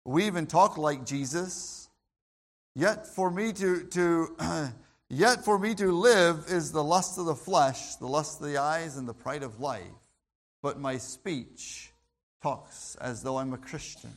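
High-voiced man preaching emphatically. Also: slow. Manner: emphatic, repetitive, with frequent restarts. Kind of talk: sermon.

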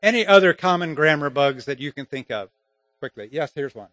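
A man teaching grammar and public speaking in an informal lesson, halting and restarting often, with chuckles between points. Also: on the high side, expressive, pushed and bright, no echo.

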